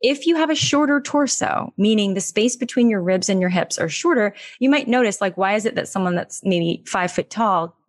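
A woman guest in her thirties, explaining pelvic health in an energetic, animated casual interview. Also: medium pitch, normal speed, hardly any pauses.

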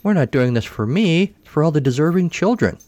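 A man's voice: a little high, expressive, brisk, darkish tone, no room sound, voice pushed up, lightly acted. A man voicing an earnest, upbeat male cartoon hero in a slightly raised voice.

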